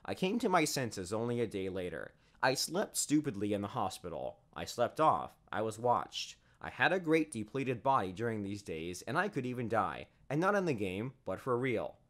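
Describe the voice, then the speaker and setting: A man's voice: lowish voice, sing-song, normal speed, few pauses, a bit bright. A man narrating a first-person story in a scripted storytelling manner.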